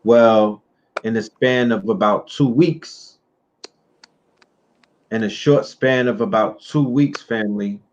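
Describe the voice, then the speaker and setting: Slow, emphatic low-voiced male host. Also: a little mellow. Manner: slow, drawn-out, emphatic delivery. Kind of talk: livestream talk show. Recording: dull muffled audio with faint noise.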